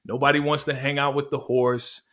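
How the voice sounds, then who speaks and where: A man's voice: medium pitch, flat delivery, moderate pace, fairly bright tone. A man hosting a casual show recap, telling it like a story in slangy talk and laughing often. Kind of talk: casual review chat.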